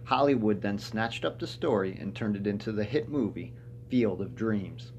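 A man introduces the play with an animated, lively voice. A faint hum and noise sit under the recording. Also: lowish voice, moderate pace, muffled recording. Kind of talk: spoken introduction.

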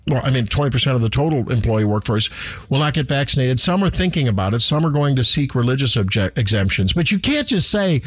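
A man's voice: medium pitch, big pitch swings, a little fast. A middle-aged man hosting a talk radio show, rambling animatedly with self-deprecating asides. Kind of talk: casual talk radio monologue. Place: radio studio.

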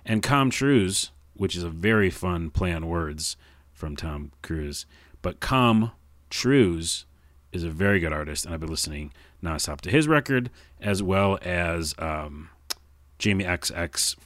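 A man's voice: low-pitched, animated, measured pace, a bit bright, no echo. A man hosting his own podcast alone, chatting casually in a rambling, self-mocking way and stumbling over his words. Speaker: podcast host. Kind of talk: casual solo podcast chat.

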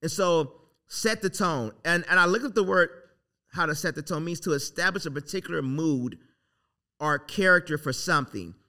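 Bright-voiced excited man preaching. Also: a little high, normal speed. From Southern California. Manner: rambling, excited, repeats "like" and "literally". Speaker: podcast host. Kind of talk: casual motivational talk.

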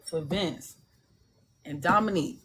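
A woman's voice: on the low side, measured pace, crowd noise. A woman, an indie author, chatting casually and animatedly, acting out voices with laughter and salty language. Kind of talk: casual chat.

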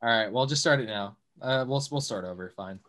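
A man's voice: mid-range voice, fairly quick, fairly bright tone. A man hosting a podcast, teasing and sarcastic in casual chat, swearing freely. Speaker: podcast host.

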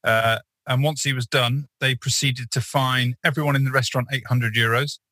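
A man's voice: medium pitch, steady tone, normal speed, bright, forceful tone, dry recording, poor audio. A man co-hosting a podcast, telling a rambling story in casual chat with many fillers and restarts. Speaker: podcast co-host.

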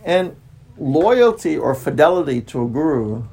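Creaky-voiced man giving a spiritual talk. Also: fairly high pitch, big pitch swings, dark tone, faint music behind, rough recording. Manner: repetitive, with frequent restarts and drawn-out words. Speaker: spiritual teacher.

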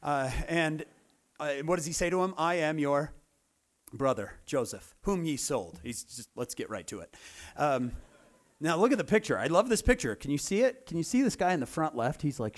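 A man's voice: fairly high pitch, very animated, normal speed. A man giving a humorous sermon, telling a story and acting out the characters' lines. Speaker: speaker at a church meeting.

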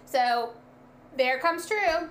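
A young woman telling a personal story in a casual, animated way, acting out the quoted lines. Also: high voice, very slow, slight background noise. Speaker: guest telling a birth story.

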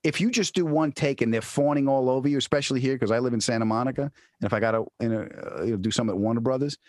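A comedian and actor tells a story in casual chat at a rapid-fire pace, acting out his friend's panicked voice with high shouts. The recording is dry and studio quality.

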